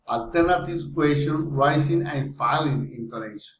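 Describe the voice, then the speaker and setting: A man reading a pronunciation drill aloud, slowly and carefully, word by word. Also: mid-range voice, a little hiss or hum. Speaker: phonetics student. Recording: dull echoey room recording.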